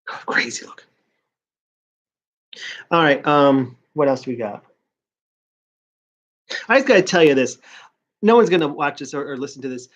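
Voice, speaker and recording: A man's voice: a little high, expressive, normal speed, pauses often. A man talking in a casual rambling vlog, a college student ranting about his day in a profane, self-mocking way. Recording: slightly muffled lo-fi audio.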